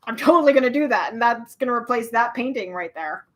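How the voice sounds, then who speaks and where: A woman's voice: on the high side, expressive, fast, poor audio. A woman reading a children's book aloud at home, with chatty, bubbly asides. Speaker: storyteller.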